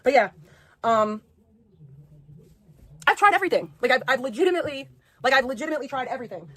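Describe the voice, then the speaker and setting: Fast-talking, high-voiced ranting woman. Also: expressive, fairly bright tone. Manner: ranting, profane, repeats herself. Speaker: livestreamer. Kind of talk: angry livestream rant.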